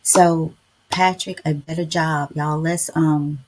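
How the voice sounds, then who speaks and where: Speaking slowly in a low register with fairly even intonation, a middle-aged woman hosts a laid-back devotional live-stream chat, acting as podcast host. She preaches to her listeners in a chatty way and keeps calling them y'all.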